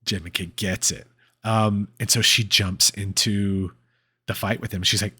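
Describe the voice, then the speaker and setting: A man's voice: on the low side, steady tone, unhurried, bright, forceful tone, breathy edge. A man hosting a podcast, casually recapping a comic book and rambling with fillers and laughs. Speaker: podcast host.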